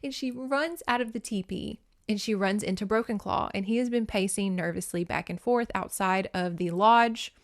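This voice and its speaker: A woman's voice: mid-range voice, normal speed, few pauses. A woman hosting a podcast, casually recapping a novel with sarcasm and free swearing. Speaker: podcast host.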